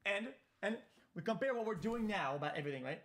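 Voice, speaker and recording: A man's voice: high voice, animated, fast talker, a bit bright. A man streaming live, reacting to a video in a rambling, casual chat full of repeated words.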